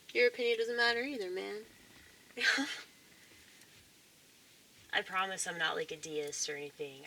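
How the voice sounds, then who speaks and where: A woman vlogger with a low, sharp-toned voice and a Southern US accent meanders through an informal monologue, heavy on profanity and fillers and punctuated by short laughs. The low-quality recording carries a faint hiss or hum.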